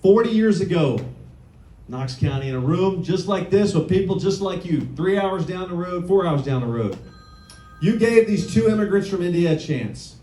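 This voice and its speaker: High-voiced man giving a punchy stump speech. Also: animated, moderate pace, mellow. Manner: punchy, repeats lines, asks the crowd questions. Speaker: political candidate. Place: indoor meeting room with an audience. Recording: echoey room with faint noise.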